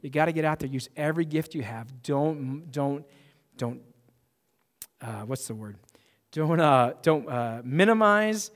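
A man preaches to his congregation, his voice sitting a little high. He talks in an emphatic, conversational way and often restarts his sentences. The sanctuary gives his words a long, ringing echo. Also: expressive, measured pace. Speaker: pastor. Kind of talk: sermon. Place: church sanctuary.

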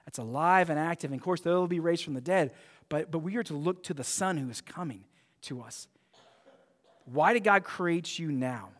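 A man's voice: fairly high pitch, normal speed, in a large hall. A man preaching a sermon as pastor, emphatic and often restarting his phrases.

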